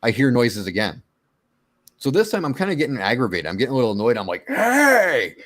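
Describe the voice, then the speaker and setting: Animated man telling a spooky story. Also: mid-range voice, fast. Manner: animated, acts out his own shouts and quotes. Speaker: podcast host telling his encounter story. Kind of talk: casual storytelling on a call-in show.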